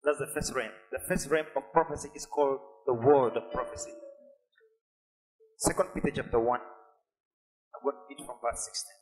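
A pastor preaching a sermon, building to emphatic, repeated lines. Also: male voice, mid-range voice, normal speed, pauses often, low-quality recording. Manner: preaches with rising intensity and emphatic repetition.

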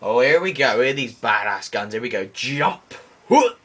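A young man giving excitable let's play commentary, shouting exclamations and making sound effects while he plays. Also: medium pitch, moderate pace. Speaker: gameplay commentator.

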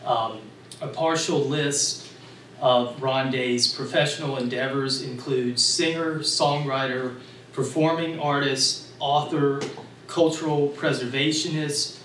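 A man's voice: mid-range voice, fairly even intonation, slow pace, a bit bright. A man introducing a guest speaker at a library event, reading the introduction with frequent fillers. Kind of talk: formal introduction. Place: library meeting room. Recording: roomy echo, distant mic, faint noise.

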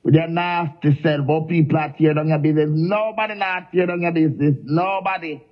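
A woman's voice: low voice, steady tone, fairly quick. A Jamaican woman goes off in a heated, confrontational rant, taunting and hammering the same name over and over. The audio is a bit muffled and lo-fi. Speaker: social media personality. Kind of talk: angry live-stream rant.

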